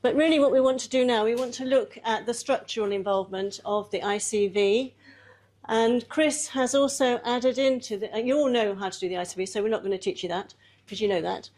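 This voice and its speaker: A woman's voice: medium pitch, a little mellow. A woman presenting a live workshop, talking a volunteer through a hands-on demonstration in a chatty way with frequent laughs.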